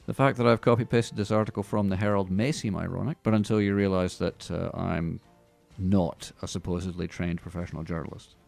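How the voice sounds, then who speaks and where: A man's voice: low-pitched, steady tone, a little fast, creaky, hardly any pauses, a little mellow, faint music behind. A man hosting a movie podcast, reading news with dry, mocking asides. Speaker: podcast host. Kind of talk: casual comedic movie news chat.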